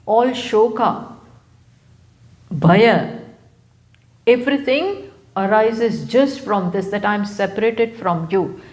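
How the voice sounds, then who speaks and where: A woman with an Indian English accent giving a live scripture lecture as a spiritual teacher, unhurried and repeating key phrases for emphasis. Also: medium pitch, a little mellow. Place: live talk venue.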